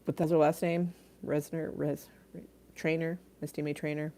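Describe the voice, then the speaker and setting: A woman's voice: sits low, little pitch movement, moderate pace, mellow, a little hiss or hum. A middle-aged woman hosting a casual livestream, reading viewer comments aloud, laughing often and trailing off mid-thought. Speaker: livestream host.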